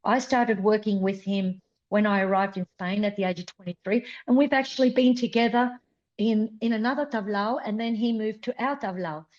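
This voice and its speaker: A woman's voice: medium pitch, normal speed, a little mellow. Heartfelt woman in her fifties, dull audio. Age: 50s. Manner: earnest, heartfelt, repeats words for emphasis. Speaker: flamenco dancer guest. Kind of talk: conversational interview.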